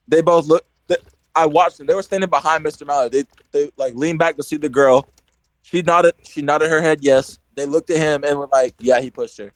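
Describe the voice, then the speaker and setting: Young male podcast host, casual, animated storyteller, dry close sound. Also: fairly high pitch, brisk, no room sound, low-quality recording. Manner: animated storyteller, heavy "like" filler, acts out quotes.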